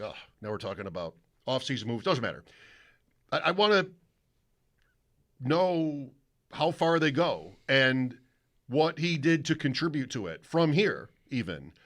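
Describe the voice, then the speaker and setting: A man's voice: mid-range voice, sing-song, unhurried, long pauses, fairly bright tone. A man hosting a sports radio show, talking casually in a rambling, self-interrupting way from the studio.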